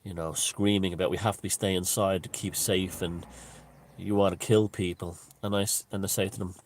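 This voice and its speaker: A man's voice: low-pitched, fairly even intonation, brisk, slight background noise. A man hosting his own video channel, talking in a rambling, profane off-the-cuff monologue with frequent restarts.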